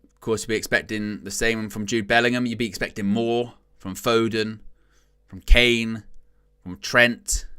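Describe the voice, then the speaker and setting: Male watchalong commentator, bright edge, casual and wry, loud bursts at chances. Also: fairly low pitch, steady tone, measured pace, clean tone. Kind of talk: casual live match commentary.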